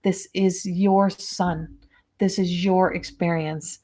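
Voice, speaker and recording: A woman's voice: fairly low pitch, little pitch movement, slow, warm tone. A woman medium gives a live psychic reading in a rambling, hesitant way, piling up fillers and restarting her sentences. Her voice is tender and emotionally moved as she passes on messages. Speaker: medium and spiritual coach.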